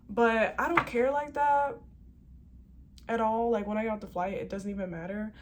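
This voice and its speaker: A woman flight attendant tells a story to her viewers, animated and chatty with lots of slang. Her voice sits at a middle pitch, and faint background noise sits under it. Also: measured pace, pauses often. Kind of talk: casual storytelling vlog.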